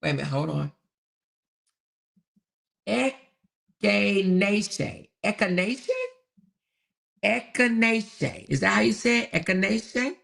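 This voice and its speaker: A woman's voice: mid-range voice, animated, fairly quick, gravelly, hardly any pauses, a bit bright. A woman hosting a casual livestream, reading viewer comments aloud in a chatty way, repeating herself and laughing often. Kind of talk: casual live chat.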